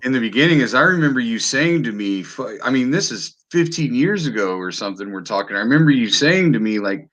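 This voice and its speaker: A man hosting a podcast in loose, animated chat, swearing freely and tripping over his own restarts. His voice is bright and forceful, set at a middle pitch for a man. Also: fairly quick, hardly any pauses. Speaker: podcast host. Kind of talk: casual chat.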